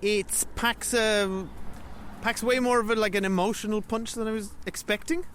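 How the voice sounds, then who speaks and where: High-voiced man reviewing a film casually. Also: fairly even intonation, moderate pace, fairly bright tone, a little hiss or hum. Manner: thinks aloud, searching for words. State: parent. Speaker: podcast co-host.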